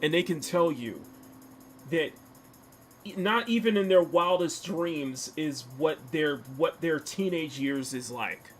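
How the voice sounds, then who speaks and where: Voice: medium pitch, takes it slowly, faint music behind. A streamer in their thirties ranting heatedly about a game during a stream. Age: 30s. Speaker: gaming streamer.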